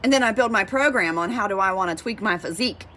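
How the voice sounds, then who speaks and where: A woman's voice: medium pitch, lively intonation, fast talker, sharp tone. A woman fitness coach giving a passionate motivational talk, fired up and repeating her points for emphasis.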